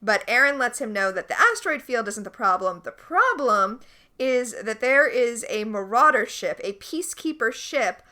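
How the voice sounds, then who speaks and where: A woman's voice: a little high, lively intonation, normal speed, bright, forceful tone. A woman co-hosting a podcast, animatedly and enthusiastically recapping a TV episode in casual chat. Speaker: podcast co-host.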